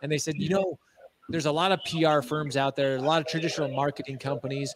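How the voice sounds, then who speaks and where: A man in his thirties tells his career story with excitement and slangy asides. His voice sits a bit high. He often restarts his sentences. There is a faint hiss of noise behind him. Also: quick pace. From Utah, USA. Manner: enthusiastic, slangy, many fillers and restarts. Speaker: guest, agency founder. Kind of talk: casual interview storytelling.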